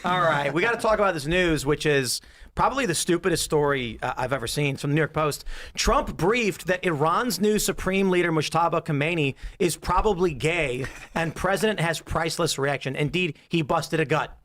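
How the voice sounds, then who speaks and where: A man's voice: fairly high pitch, normal speed, a bit bright. A man hosting a podcast, casually reading and riffing on a news story in a wry way. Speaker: podcast host.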